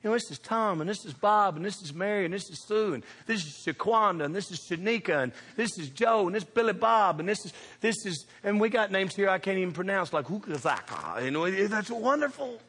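A man preaching a sermon, telling funny stories with animated shouts and laughter. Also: high voice, brisk, hardly any pauses, slightly rough. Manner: animated, shouting bursts, laughing through punchlines. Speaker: pastor. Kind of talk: humorous storytelling sermon. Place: church sanctuary. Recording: reverberant church hall.

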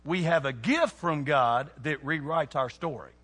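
A man preaching a sermon to young people, animated and throwing questions out to the crowd. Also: fairly high pitch, a little slow, husky. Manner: animated, asks the audience questions. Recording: long hall reverb.

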